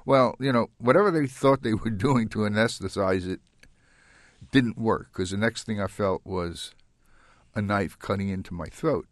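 An older man telling his own story as an interview guest, halting and reflective, with many restarts. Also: on the low side, dry recording, studio quality. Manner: halting and reflective, with frequent restarts and soft laughs. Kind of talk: recounting a personal story in an interview.

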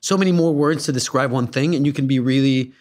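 Playful Guatemalan-born actor chatting. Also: male voice, mid-range voice, quick pace, darkish tone. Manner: playful, laughing, filler-heavy, acts out voices. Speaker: actor and comedian, guest. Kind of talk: casual interview.

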